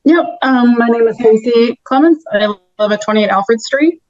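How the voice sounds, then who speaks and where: Mom on a zoom call at a council meeting, bit high, dry muffled audio, frustrated and halting. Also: female voice, a little mellow, no echo. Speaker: parent giving public comment. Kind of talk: public comment by video call. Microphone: video call.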